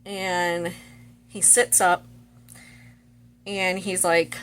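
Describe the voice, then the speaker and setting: A woman's voice: medium pitch, measured pace, fairly bright tone. A young woman vlogger casually retelling a movie plot, chatty and full of fillers.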